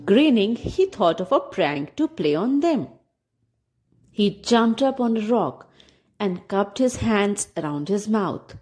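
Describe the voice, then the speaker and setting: A woman narrating a children's story with expressive delivery, dropping to a whisper at tense moments. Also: mid-range voice, takes it slowly. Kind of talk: storybook reading.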